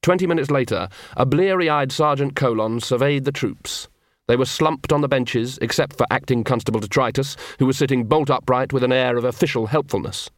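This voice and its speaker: A man's voice: medium pitch, brisk, no room sound. A man narrating a comic fantasy audiobook in a dry storytelling manner. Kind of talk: scripted narration.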